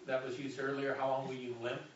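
A man's voice: medium pitch, monotone, fast, slight background noise. A man preaching a sermon, reading scripture aloud with jokey asides, restarting phrases and repeating words. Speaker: pastor. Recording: roomy, distant, dull-sounding sanctuary audio.

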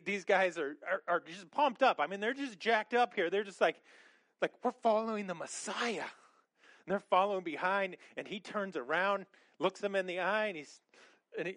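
A middle-aged man preaching a sermon in an animated, conversational way, often repeating words and restarting his sentences. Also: high-pitched, dry recording. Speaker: pastor.

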